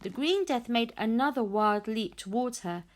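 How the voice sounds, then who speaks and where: A woman's voice: a little high, normal speed. Woman reading a children's story aloud. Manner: expressive, dramatic storytelling. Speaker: audiobook reader. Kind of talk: children's read-aloud narration.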